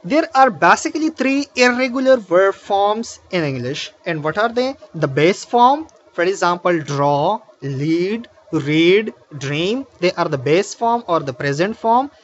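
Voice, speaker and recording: A man teaching a grammar lesson, explaining slowly with many fillers and restarts. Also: high voice, animated, dull audio. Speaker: English teacher.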